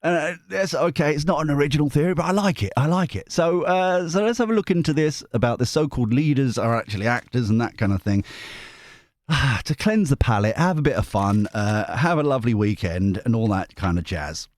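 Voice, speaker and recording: A man's voice: mid-range voice, animated, brisk, dry recording, studio quality. A man, a tarot reader, chatting casually to his viewers in a rambling, playful way. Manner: rambling, self-interrupting, playful.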